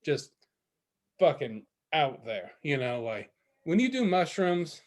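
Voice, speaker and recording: A man's voice: fairly high pitch, very animated, takes it slowly. A young man, a podcast co-host telling a rambling story, laughing often and swearing casually.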